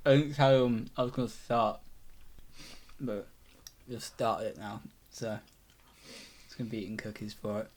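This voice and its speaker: A man's voice: lowish voice, normal speed, pauses often, a little mellow, a little hiss or hum. A young man hosting a podcast, rambling and swearing casually while he eats cookies. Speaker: podcast host. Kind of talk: casual chat.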